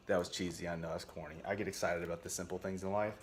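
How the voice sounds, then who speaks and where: A man's voice: low-pitched, fairly even intonation, rapid-fire. A young man chatting playfully while he cooks a stew in his home kitchen, humming little sound effects as he goes. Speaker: home cook vlogger. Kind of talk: casual cooking vlog.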